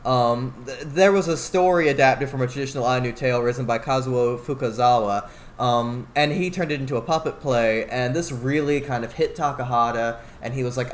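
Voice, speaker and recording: A man's voice: mid-range voice, fairly quick, slight background noise. Chatty male podcast co-host. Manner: enthusiastic, rambling with fillers. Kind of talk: casual podcast discussion.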